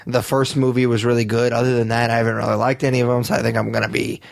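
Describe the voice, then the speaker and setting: A man hosting a podcast, chatting casually and telling animated stories. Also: medium pitch, rapid-fire, creaky, dry recording, clean studio sound. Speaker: podcast host. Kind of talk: casual chat.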